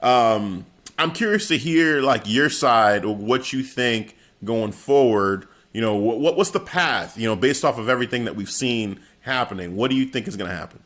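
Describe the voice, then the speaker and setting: A man hosting a relaxed talk, his voice at an average pitch but lively in its rise and fall. He rambles, stops to correct himself, and keeps asking questions. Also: moderate pace, few pauses. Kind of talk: casual chat.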